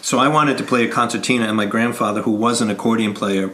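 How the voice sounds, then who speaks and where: A man's voice: on the low side, fairly even intonation, fast, a bit bright, a little hiss or hum. Chatty middle-aged man on a video call. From New York. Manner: chatty, laughing, many fillers. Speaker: podcast guest, children's musician. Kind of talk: casual chat over video call.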